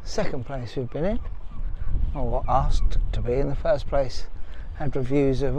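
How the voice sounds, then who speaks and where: A man's voice: mid-range voice, expressive, normal speed, gravelly, warm tone, a little hiss or hum. A middle-aged man narrating a casual travel vlog in a chatty, joking way. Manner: chatty, jokey, talks playfully to his dogs. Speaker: vlogger.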